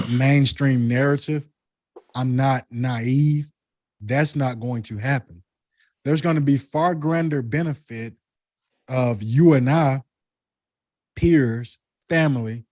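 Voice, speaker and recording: A man with a Southern US accent speaks slowly and with weight, musing on spiritual ideas in a relaxed conversation. His voice sits at an ordinary middle pitch. The sound is close and dry, with little room echo. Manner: deliberate, reflective, spiritual musings. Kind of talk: casual conversation.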